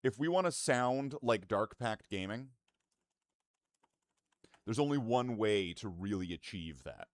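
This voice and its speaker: A man's voice: lowish voice, lively intonation, unhurried, long pauses, dry recording, clean studio sound. A man streaming live and chatting casually with his viewers in profane, rambling, mock-indignant banter.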